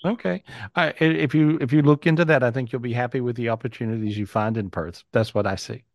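A man's voice: medium pitch, fairly even intonation, quick pace, dry recording, clean studio sound. A man hosting a live video call, giving chatty, reassuring psychic readings and often repeating himself. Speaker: psychic host.

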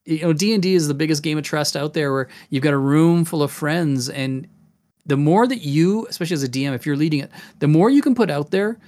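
Casual podcast host, game master, animated, slightly high voice. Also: male voice, a little fast. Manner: animated, demonstrative, jumps into voices.

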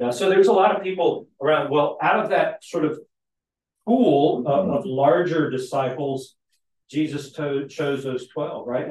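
A man teaching a Sunday school class in a conversational way, often checking in with the group with tag questions and lively asides. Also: medium pitch. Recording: echoey room, mic at a distance.

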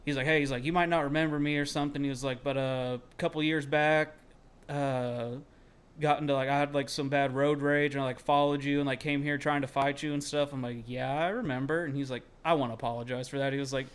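Talking quickly in a clean, mid-range voice with fairly even intonation, a young man rambles through a long tale as a podcast co-host. Filler "like" is constant, the swearing is loose, and he shouts whenever he quotes himself.

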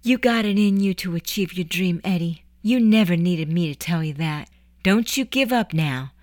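A woman voicing a sweet, spirited young woman who speaks gently and encouragingly. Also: lowish voice, lively intonation, normal speed, no room sound, studio quality, natural voice. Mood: tender.

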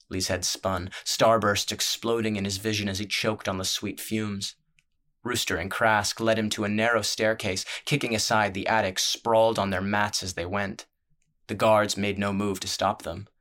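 Low, even-toned male fantasy narrator. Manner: measured, even storytelling.

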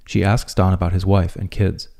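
A man narrating a scripted video essay in a calm, measured way. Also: sits low, vocal fry.

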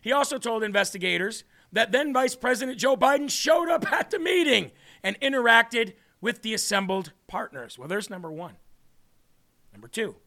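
A man's voice: very high voice, expressive, moderate pace, creaky, pushed and bright. A male political talk show host giving sarcastic, mocking commentary with frequent laughter. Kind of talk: opinionated commentary.

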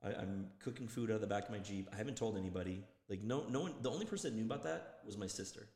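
A man co-hosting a casual podcast chat, telling stories in a loose, profane, animated way. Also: fairly low pitch, racing. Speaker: podcast co-host. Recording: echoey room with long reverb.

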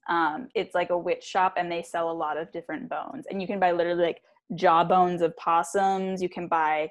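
A woman's voice: fairly low pitch, level tone, moderate pace. A woman hosting a podcast in casual chat, rambling and giggly, with lots of "like". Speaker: podcast host.

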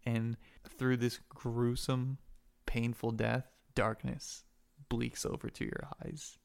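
A man's voice: mid-range voice, flat delivery, takes it slowly, vocal fry, clean tone. A man narrating as game master of a tabletop game, telling the story in a casual, crude way.

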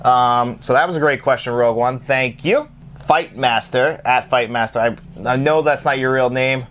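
A man's voice: medium pitch, normal speed. A man co-hosting a casual show about movies on disc, chatting and joking with lots of laughter. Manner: laughs often, animated and joking. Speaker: co-host of a physical media show. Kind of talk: casual chat.

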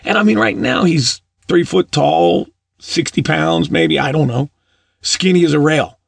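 A middle-aged man with a fairly high, gravelly voice preaches a little slowly in a casual storytelling style. He's warm and anecdotal, often repeats his words, and laughs at his own stories.

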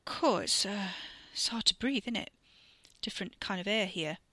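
A woman's voice: mid-range voice, moderate pace, pushed and bright, no echo. A woman reading the lines of a dry, sardonic teenage boy in an audiobook story. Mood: uneasy.

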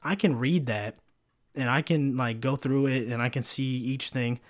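A young man hosting a podcast on his own launches into a foul-mouthed, rambling rant, speaking close to a pop-filter mic. His voice is mid-range at a moderate pace, and his profane storytelling is packed with fillers.

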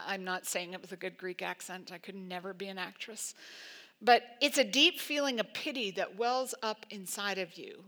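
A woman pastor preaching a sermon in an emphatic, conversational way, full of "like" and quick asides. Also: medium pitch, pushed and bright.

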